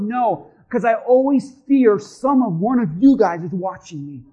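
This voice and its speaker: A man pastor delivering a sermon, swinging between shouting and hushed tones. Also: very high-pitched, lively intonation, unhurried, rough recording.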